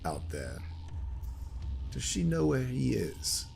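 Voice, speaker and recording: A man voicing a stern adult son who questions his mother in a slow, measured way. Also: medium pitch, wildly swooping pitch, vocal fry, darkish tone, a little hiss or hum, exaggerated voice. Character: stern adult son, cold lawyer type.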